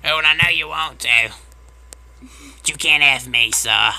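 A man's voice: fairly high pitch, measured pace, gravelly, sharp tone, full character voice. A man voicing a cackling, trash-talking old grandpa in an online game's voice chat, who jeers and repeats his taunts over and over. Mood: gleeful mocking. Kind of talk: trolling voice chat.

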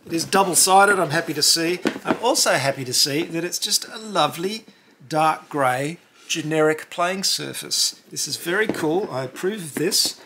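Over some background noise, a male host with a fairly high voice talks at a normal speed through a casual unboxing. He stays animated throughout, cheering over the top and erupting now and then in pretend outrage.

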